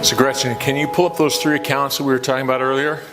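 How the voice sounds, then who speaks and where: A man giving an upbeat, salesy pitch as a company founder, chuckling now and then. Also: little pitch movement, fast, loud music behind the voice.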